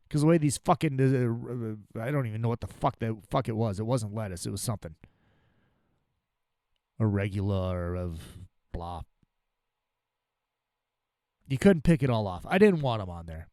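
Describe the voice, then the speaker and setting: A podcast host ranting angrily and profanely about a restaurant, full of exasperation. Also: male voice, on the low side, animated, moderate pace, long pauses, dark tone, dry recording, studio quality.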